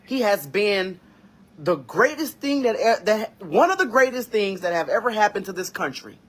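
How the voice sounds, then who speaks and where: A man giving an emotional reaction monologue, fighting back tears, slow and halting with sighs and pauses. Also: sits high, big pitch swings, a bit bright. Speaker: vlogger reacting to news.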